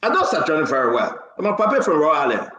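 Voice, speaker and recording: A man's voice: a little high, sing-song, fast talker, bright, forceful tone, roomy sound. A man hosting a heated political talk show, impassioned, cutting in and repeating himself for emphasis. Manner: impassioned, talks over others, repeats for emphasis.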